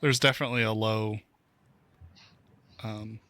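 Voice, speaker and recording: Unhurried bright-voiced man running the game. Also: fairly low pitch, steady tone. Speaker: game master. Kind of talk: narrating a tabletop game.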